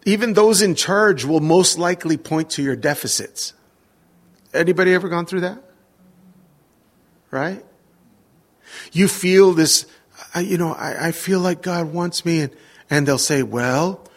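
A man's voice: on the high side, moderate pace. A middle-aged man preaching a casual sermon, telling stories and checking in with the congregation. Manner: casual, asks the congregation for responses. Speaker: worship leader and preacher. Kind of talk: conversational sermon with storytelling.

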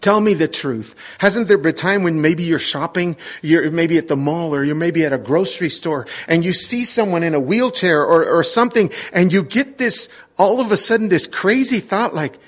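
A middle-aged man preaching a sermon, telling a story with lively acted-out moments and sudden shouts. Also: a little high, moderate pace, hardly any pauses. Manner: animated, acts out scenes with sudden shouts. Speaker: pastor.

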